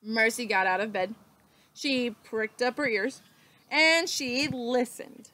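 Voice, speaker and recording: A woman teacher reading a children's book aloud, slow and expressive with dramatic pauses. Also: fairly high pitch.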